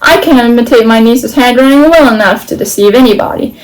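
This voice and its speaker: A woman voicing a scheming, boisterous knight, read in a loud, brash storybook manner. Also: on the high side, brisk, close to an everyday voice, rough recording. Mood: gleeful. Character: scheming adult male knight, boisterous prankster.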